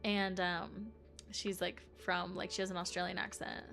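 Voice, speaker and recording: Bubbly, gravelly-voiced woman streamer. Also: lowish voice, little pitch movement, normal speed, fairly bright tone, soft background music. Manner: bubbly and chatty, many "um" and "like" fillers. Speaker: live streamer. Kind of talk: casual chat with viewers.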